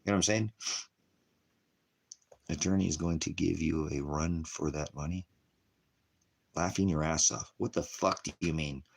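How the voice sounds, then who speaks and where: A man's voice: rumbling low, fairly even intonation, normal speed, gravelly, pauses often, husky. A man hosting a ministry livestream, ranting profanely and agitatedly at his viewers as brothers and sisters.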